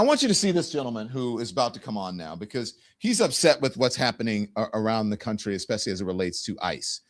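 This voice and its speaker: A man's voice: mid-range voice, fairly bright tone, no echo, studio quality. A man hosting a political talk show, commenting sarcastically and with emphasis.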